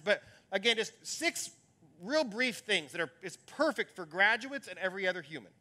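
A male pastor gives a conversational sermon, musing aloud as he teaches. His voice sits high for a man and has a bright, forceful edge.

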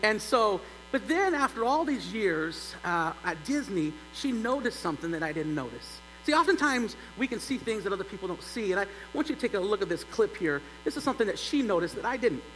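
A middle-aged male pastor telling a humorous story in a sermon, animated and building to loud exclaims. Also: high-pitched, a little fast, few pauses. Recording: long church reverb, faint hum.

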